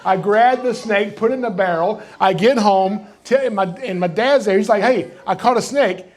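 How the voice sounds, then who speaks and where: A man's voice: high voice, normal speed. A middle-aged man with a Southern US accent from Georgia, telling folksy, joking stories as he gives a live reptile program to an audience in a library. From Georgia, USA. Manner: joking, folksy, animated storyteller. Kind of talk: live storytelling talk to an audience.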